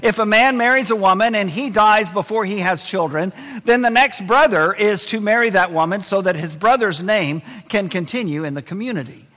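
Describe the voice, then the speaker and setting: A man preaching a sermon, lively and expressive, dropping to a low, quiet voice to stress key points. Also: moderate pace, long reverb tail. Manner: expressive preaching, drops to a low hush for emphasis. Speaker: pastor.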